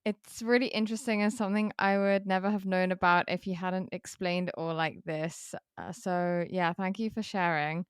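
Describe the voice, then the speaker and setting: Smooth-voiced woman host, dry sound. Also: mid-range voice, level tone, normal speed, no room sound. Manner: warmly responsive listener. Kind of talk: casual chat.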